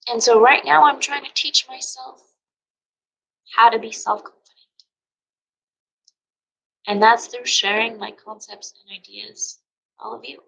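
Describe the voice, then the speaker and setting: A woman yoga teacher giving an earnest, emotional motivational talk, sometimes dropping into soft near-whispers. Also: a little high, fairly even intonation, a little slow, creaky, pauses often, slightly rough, poor audio. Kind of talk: personal motivational monologue.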